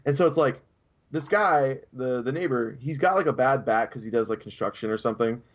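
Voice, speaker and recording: Casual podcast co-host, male, mid-pitched, rambling storyteller, dull lo-fi sound. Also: a little fast. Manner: rambling storytelling, acts out quotes in raised voices. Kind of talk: casual chat.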